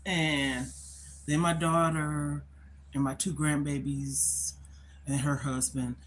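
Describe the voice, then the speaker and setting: A woman's voice: low-pitched, little pitch movement, slow, slight background noise. A middle-aged woman talking candidly on a live stream from her phone. She is worried and close to tears, and she rambles and repeats herself. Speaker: livestreamer.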